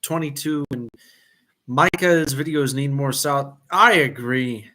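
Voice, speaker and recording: Slow-talking man chatting on a livestream. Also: fairly high pitch, steady tone, a bit bright. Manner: rambling, apologetic, laughing. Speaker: livestream host. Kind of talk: casual livestream chat. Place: home kitchen, washing dishes.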